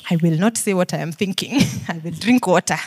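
A woman's voice: fairly low pitch, brisk, darkish tone, a little hiss or hum. A woman preacher with a Kenyan accent, preaching a sermon in an earnest, pleading way, firing questions and moving from near-whispers to emphatic pushes.

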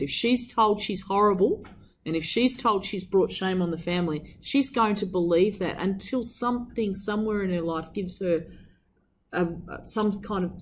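A woman teacher reading from a novel and analysing it with enthusiasm, putting questions to her students. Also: a little hiss or hum. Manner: enthusiastic, with wide swings of pitch and emphasis. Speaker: English teacher. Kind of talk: reading aloud and literary analysis.

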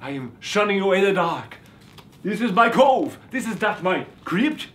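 For a comedy sketch, a man voices a boastful vampire who calls himself a reformed beach boy, playing him hammy and campy with theatrical sudden shouts. His high voice is very animated at a moderate pace.

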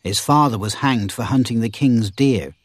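A man's voice: medium pitch, moderate pace, no echo, close to an everyday voice. A man voicing a grave, sympathetic male outlaw in a storybook reading. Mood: somber.

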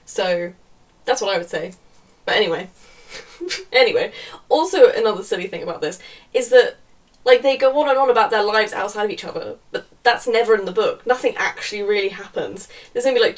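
A woman's voice: medium pitch, a little fast, recorded from a distance, poor audio. A young woman giving a casual, sarcastic book review, often laughing and swearing in exasperation.

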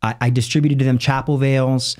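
Guy telling a story on a podcast, jumps way up in pitch doing other people's voices, rattles off the side comments. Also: flat delivery, darkish tone. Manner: acts out quoted voices with big jumps in pitch; rushes asides in quick bursts. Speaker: guest, lay evangelist. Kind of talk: animated storytelling in conversation.

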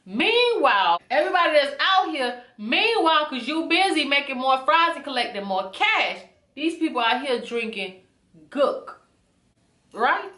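Animated woman ranting in an echoey room. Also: high voice, unhurried. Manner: animated, indignant storytelling with a few whispered bits. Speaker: vlogger. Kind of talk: storytime rant.

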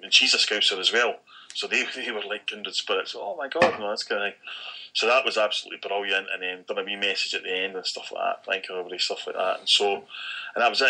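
Bright-voiced Scottish man telling stories. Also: fairly low pitch, low-quality recording. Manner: animated storyteller acting out quoted dialogue, frequent swearing. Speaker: podcast co-host. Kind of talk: casual chat, storytelling.

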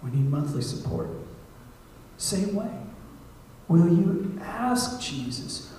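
A man's voice: fairly high pitch, sing-song, takes it slowly, a little hiss or hum. Man preaching in an echoey church. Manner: conversational, acts out prayers and dialogue, swings from hushed to loud. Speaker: guest missionary preacher. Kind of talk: sermon. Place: church sanctuary. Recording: echoey church hall, mic at a distance.

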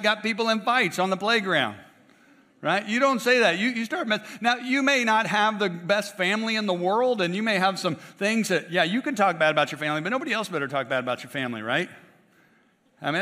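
A man's voice: a little high, bright, forceful tone, big-room sound. A man preaching a sermon in a conversational way, often checking in with rhetorical tag questions and adding playful asides. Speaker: pastor. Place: church sanctuary.

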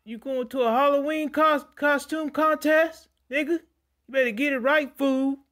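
A man voicing a mocking male onlooker who jeers in a shrill, high voice. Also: fairly even intonation, normal speed, sharp tone. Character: mocking man jeering at old-fashioned clothes.

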